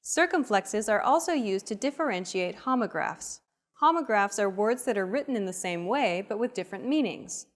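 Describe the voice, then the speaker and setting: A woman narrates the explanatory parts of a language lesson from a script. Her voice sits at an ordinary middle pitch, and she sets out each rule in a steady, even manner. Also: moderate pace, soft background music.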